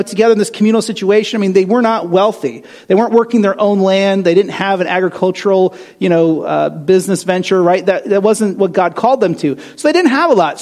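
A man preaching a sermon in a conversational, animated way, full of rhetorical questions and asides. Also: high-pitched. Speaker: pastor.

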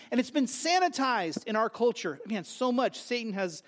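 A man's voice: extremely high pitch, big pitch swings, moderate pace, hardly any pauses. A man preaching a sermon to a congregation, with emphatic repetitions and conversational asides. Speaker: pastor.

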